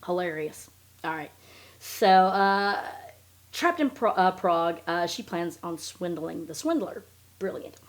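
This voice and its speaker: A woman's voice: fairly low pitch, lively intonation, unhurried. A woman hosting a podcast, recapping in a blunt, profane, sarcastic casual chat. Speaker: podcast host.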